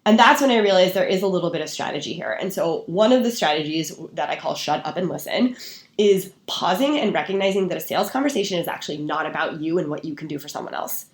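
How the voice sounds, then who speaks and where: A woman's voice: fairly low pitch, quick pace, echoey room. A woman guest on a podcast, a sales and marketing expert talking casually and acting out gushing quotes. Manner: lively, acts out gushing quotes.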